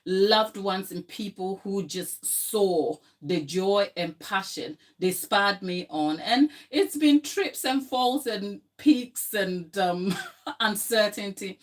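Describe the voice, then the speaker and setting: A young adult woman baker hosting a live tutorial, chatty and emotional, laughing often and talking to her chat, a little tired. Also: mid-range voice.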